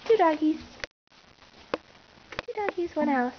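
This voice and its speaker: A young woman with an extremely high voice plays with her puppy at home and talks to it in a teasing, sing-song way while she films on a handheld camera. The sound is dull and a little muffled. A faint hiss sits under it, like an old home video. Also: a little slow, pauses often. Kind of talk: casual talk to pets while filming. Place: indoors at home.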